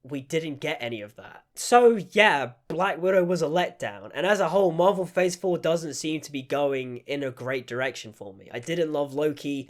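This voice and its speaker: A young man giving a casual, critical film review, peppering his talk with "like". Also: fairly high pitch. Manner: critical, frequent "like" fillers. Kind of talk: casual opinion vlog.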